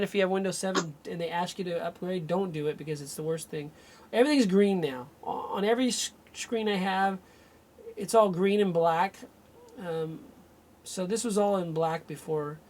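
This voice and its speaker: A man working as an energy healer, thinking aloud and breaking off mid-sentence as he runs a live remote healing session. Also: high-pitched. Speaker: radio show host.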